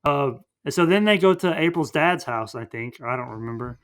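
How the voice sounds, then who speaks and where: A man's voice: a little high, expressive, moderate pace, fairly bright tone. A man hosting a podcast, casually recapping a movie in a rambling way full of fillers. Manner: rambling, filler-heavy retelling. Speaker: podcast host.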